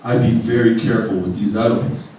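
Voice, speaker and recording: A man voicing a laid-back stoner shop clerk, a mellow young guy who drags out his words. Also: fairly low pitch, fairly even intonation, quick pace, voice pushed down, lightly acted. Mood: mellow warning. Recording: echoey room, distant mic.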